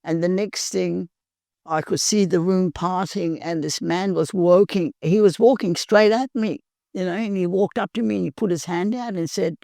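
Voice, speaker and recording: Older Australian woman with a gravelly voice. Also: lowish voice, dark tone, dry recording, clean studio sound. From Perth, Australia. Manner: halting and earnest, many pauses and fillers. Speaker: recovering alcoholic sharing her story. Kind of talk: personal recovery testimony.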